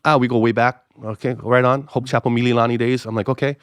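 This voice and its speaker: Middle-aged pastor, animated storyteller, dry close mic. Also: male voice, quick pace, dry recording. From Hawaii. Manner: animated storyteller, acts out both sides of dialogue with pitch jumps. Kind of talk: casual storytelling podcast interview.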